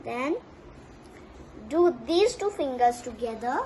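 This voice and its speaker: A woman with an Indian English accent teaches small children, her voice very high and sing-song. She speaks slowly and cheerfully, counting aloud over a faint background hum. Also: animated, fairly bright tone. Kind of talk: online class instruction for young children.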